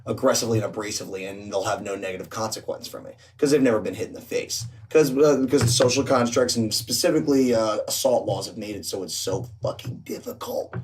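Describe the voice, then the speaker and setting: A man, a podcast guest, talking casually and profanely, with halting restarts as he tells stories. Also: fairly low pitch, darkish tone. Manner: storytelling, acts out both sides of bar talk. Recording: distant mic with faint noise.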